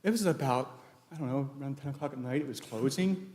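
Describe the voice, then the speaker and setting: A man with a darkish, mid-range voice talks fast as he eulogizes his late wife at her funeral, rambling through anecdotes with many restarts. The recording comes from an echoey hall in a large church sanctuary.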